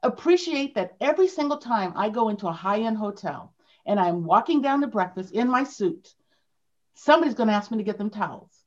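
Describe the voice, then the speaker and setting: A woman's voice: medium pitch, lively intonation, a little fast, a little mellow. A woman speaking as a sales leader guest in a conversational interview, emphatic and repeating her key phrases. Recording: dull lo-fi sound.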